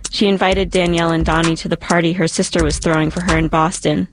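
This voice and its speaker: A woman narrating a story in an even, matter-of-fact reading. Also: lowish voice, fast talker, background noise.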